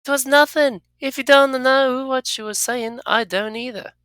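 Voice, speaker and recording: A player voicing a prickly young tiefling woman, gruff and defensive. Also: high-pitched, moderate pace, pushed and bright, no echo, pitched above the performer's own voice. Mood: dismissive. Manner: gruff, defensive, inverted word order. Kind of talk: reading game dialogue aloud.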